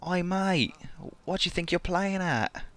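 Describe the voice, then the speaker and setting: A man's voice: sits high, unhurried, a bit bright, slight background noise, pitched above the performer's own voice. A man putting on a cheeky, beer-loving Australian bloke with a put-on Australian accent, breezy and slangy, during a game livestream. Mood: mock-gruff.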